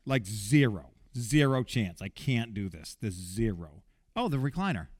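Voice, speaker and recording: A man preaching a sermon in an animated way, jumping between loud bursts and quiet asides. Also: on the low side, a little slow, no room sound.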